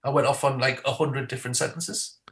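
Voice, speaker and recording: A man's voice: medium pitch, steady tone, fairly quick, a bit bright. A man with a Geordie accent, a guest comedian chatting casually, rambling and laughing between phrases. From Newcastle, England. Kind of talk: casual chat.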